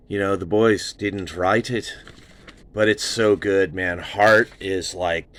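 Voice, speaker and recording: A man's voice: fairly low pitch, fairly bright tone. A man hosting a show and giving a casual, rambling album review full of loose asides. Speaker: host.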